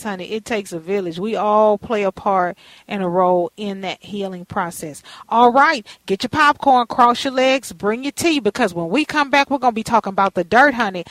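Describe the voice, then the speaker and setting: Sassy high-voiced radio host woman. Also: no echo. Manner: sassy, chatty, calls guests honey and girl. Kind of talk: casual radio talk show.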